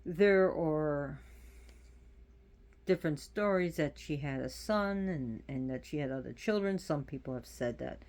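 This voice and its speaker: A woman casually talking to her viewers from home in a slow, rambling way. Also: low voice, darkish tone. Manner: slow, rambling, stops to scold her pets. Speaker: pagan religion video host. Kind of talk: casual spoken talk to viewers.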